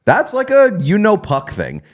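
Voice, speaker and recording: A man's voice: high-pitched, huge pitch swings, measured pace. A man co-hosting a hockey podcast, riffing in a playful, exaggerated way. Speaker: podcast co-host. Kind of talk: casual hockey chat.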